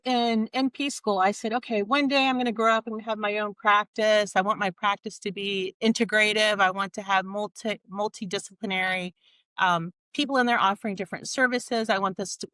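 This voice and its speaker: A woman's voice: medium pitch, fairly even intonation, brisk, bright, forceful tone, no room sound. A woman in her forties, a nurse practitioner guest on a podcast, telling her story candidly and acting out the dialogue. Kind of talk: casual interview storytelling.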